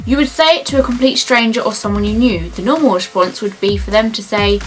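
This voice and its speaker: A woman's voice: quick pace, hardly any pauses. A young woman with a southern English accent, chatting casually and animatedly in a vlog, with faint music behind her. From Brighton, southern England. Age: young adult. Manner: chatty and animated, jumping up in pitch for mock greetings. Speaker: vlogger.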